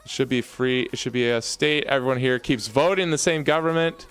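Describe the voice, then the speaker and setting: A man's voice: mid-range voice, a little fast, a bit bright, clean tone, faint music behind. A young man hosting a casual home livestream, hyped and chatty, talking straight to his viewers. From Canada. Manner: hyped, talks to chat, calls viewers baby and y'all. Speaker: livestream host. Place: home basement room.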